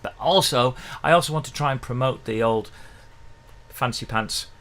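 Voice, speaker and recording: During a livestream ukulele lesson, a middle-aged English teacher keeps things chatty and encouraging, counting in the beats. A ukulele is faintly heard in the background. He speaks at a moderate pace in a mid-range, fairly bright voice.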